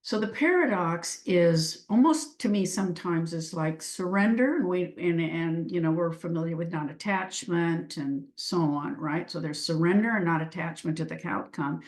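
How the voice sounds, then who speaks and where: A woman's voice: fairly low pitch, echoey room. A middle-aged woman speaking as an interview guest and coach, earnest and searching, often restarting her sentences. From Washington state. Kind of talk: reflective interview talk.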